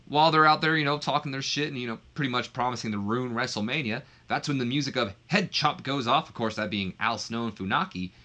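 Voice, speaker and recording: A man's voice: on the low side, sharp tone. A man giving casual, offhand commentary on a wrestling simulation game. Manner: chatty, offhand, with fillers and asides. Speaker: let's play commentator.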